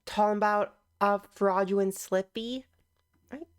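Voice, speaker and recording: A young woman giving casual, teasing reaction commentary on online clips, sarcastic and quick to laugh. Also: mid-range voice, steady tone, clean tone.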